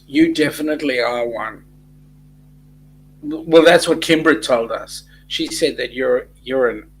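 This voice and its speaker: A man's voice: fairly high pitch, fairly bright tone, a little hiss or hum, rough recording. A man hosting a casual live chat, reading out viewer comments with many ums and restarts. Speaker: host of a live chat show.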